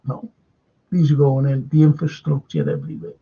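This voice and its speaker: A man's voice: medium pitch, very animated, moderate pace, gravelly, warm tone, slightly rough. An older man with a Liverpool accent hosting a live current-affairs stream, rambling chattily and greeting viewers from the chat. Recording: dull lo-fi stream audio.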